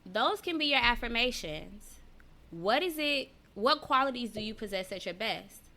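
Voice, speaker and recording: A woman with a bright, ringing voice hosts a loose live-stream chat for her podcast. She talks straight to her viewers, reads their comments aloud and laughs often. Her delivery is animated. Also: a little high, normal speed. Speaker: podcast host; teacher. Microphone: personal mic.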